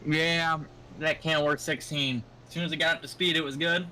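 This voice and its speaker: A young man interviewed after a sim race, relaxed and joking, with plenty of fillers. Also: a little high, moderate pace, slight background noise. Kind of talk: casual post-race interview.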